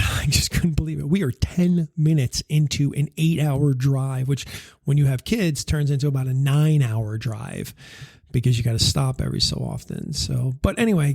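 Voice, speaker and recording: Host, male, thirties, husky tone, dry close mic, loose rambling storyteller. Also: medium pitch, a little mellow, dry recording. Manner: rambling with many fillers and restarts, laughing through funny parts. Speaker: podcast host and life coach. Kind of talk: casual storytelling monologue.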